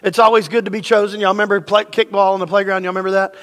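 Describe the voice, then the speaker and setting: A man's voice: high voice, flat delivery, rapid-fire, a bit bright. A middle-aged male pastor with a drawl, preaching a casual, joking sermon and leading his congregation in call-and-response. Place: church sanctuary. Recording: long hall reverb.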